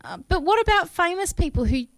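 An Australian woman co-hosting a podcast, chatting casually about films in an animated, self-deprecating way. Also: very high-pitched, fairly quick, no room sound, clean studio sound. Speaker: podcast co-host.

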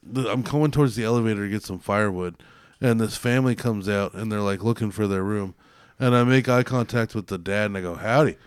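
A man's voice: fairly low pitch, quick pace, clear, resonant tone. A man in his thirties telling rambling, crude stories in casual podcast chat, now and then slipping into a mocking twangy redneck voice. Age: 30s. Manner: rambling storyteller, slips into a put-on twangy redneck voice. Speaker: podcast host.

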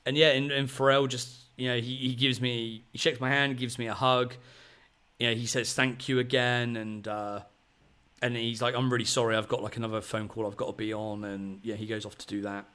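Male podcast host, 30s, mid pitch, excitable rambling storyteller. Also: brisk, clear, resonant tone. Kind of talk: casual storytelling chat.

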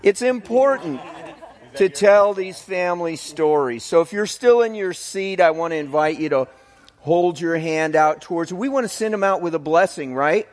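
Pastor with a higher voice in a hall. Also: male voice, normal speed. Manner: energetic, leads the congregation, fervent when praying. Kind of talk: sermon and prayer. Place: church hall. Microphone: handheld microphone. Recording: reverberant church hall.

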